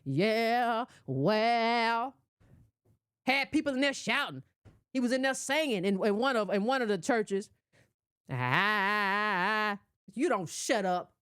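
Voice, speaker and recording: Sassy scolding woman, high and lively. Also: measured pace, smooth, no room sound, studio quality. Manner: sassy, scolding, rhetorical questions. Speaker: political commentator. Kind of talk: casual political monologue.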